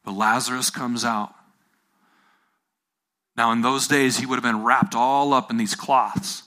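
A man delivering a sermon to a room full of listeners. He retells the story in his own words, repeats key phrases and throws questions out to the crowd. His voice is bright and forceful, at an ordinary middle pitch. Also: steady tone, a little slow. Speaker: preacher. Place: room with a live audience.

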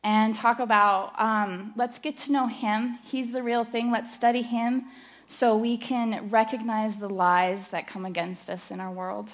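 A middle-aged woman giving a personal testimony at church, nervous and emotional, halting with fillers. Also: fairly high pitch, fairly even intonation. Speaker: church speaker sharing testimony.

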